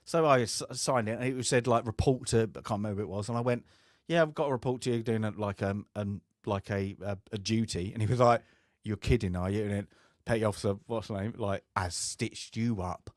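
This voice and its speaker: A man's voice: on the low side, fast, no room sound, studio quality. A man co-hosting a film review podcast, chatting casually, telling stories with frequent laughs and acting out the voices of people he quotes. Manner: chatty storyteller who laughs often and acts out quoted voices. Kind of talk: casual chat, telling an anecdote.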